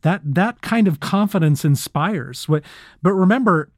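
A man hosting a leadership podcast, talking in an animated way and acting out little quotes. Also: high voice, unhurried, no echo, clean studio sound. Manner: animated, acts out quotes, laughs easily. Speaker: podcast host.

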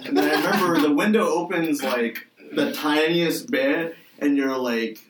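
A man's voice: on the high side, measured pace. A young man recalling a party among friends, laughing and swearing as he goes. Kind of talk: casual chat among friends. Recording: roomy, distant mic, noisy.

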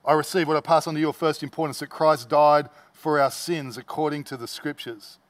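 A man delivers a sermon from the pulpit. His voice sits a little high for a man. He leans on repetition, building line on line with emphatic stress. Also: steady tone, fairly quick. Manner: emphatic, repetitive preaching cadence with restarts. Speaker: pastor.

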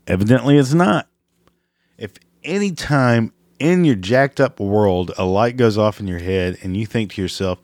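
A man's voice: lowish voice, normal speed, a little mellow, dry recording, clean studio sound. A man delivering a crude, exasperated comedic rant, laughing at his own jokes, his voice cracking. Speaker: comedic ranter.

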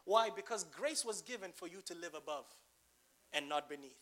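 A man's voice: high-pitched, expressive, moderate pace, a bit bright. A man preaching a sermon, asking the congregation questions and building to emphatic bursts.

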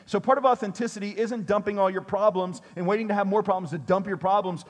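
A male pastor preaching a sermon in a conversational way, with joking asides to his congregation. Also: high-pitched.

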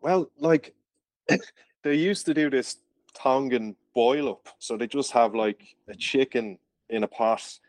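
A man's voice: mid-range voice, slow, darkish tone, no room sound. An Irish man from Ireland, a podcast guest, telling stories in casual chat and laughing often. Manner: chatty storyteller, laughs often.

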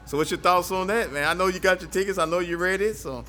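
A man's voice: sits high, quick pace, bright, forceful tone, soft background music. A man hosting a casual podcast chat, laughing often and asking questions. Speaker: podcast host.

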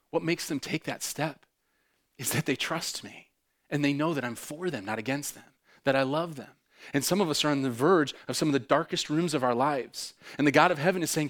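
Impassioned male preacher, loud then hushed. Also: on the high side, a little fast. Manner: impassioned, swings between loud bursts and hushed intimate tones; repeats phrases for emphasis. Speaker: pastor. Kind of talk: sermon.

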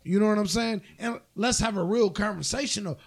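A man's voice: high-pitched, a little fast, crowd noise. A man co-hosting a casual podcast chat, blunt and profane, laughing easily. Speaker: podcast co-host.

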